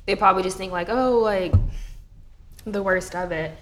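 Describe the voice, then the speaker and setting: A young woman in casual chat, animated and swearing freely, with many fillers. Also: mid-range voice, moderate pace, a little hiss or hum. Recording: echoey room.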